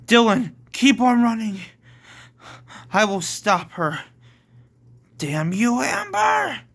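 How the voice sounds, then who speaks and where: A frantic young man cries out in fear and defiance, as a man acts him out. His voice is high, bright and crisp, read slowly for a homemade storybook. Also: very animated, exaggerated voice. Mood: defiant. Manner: frantic shouting. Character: young man Edward, panicked and desperate.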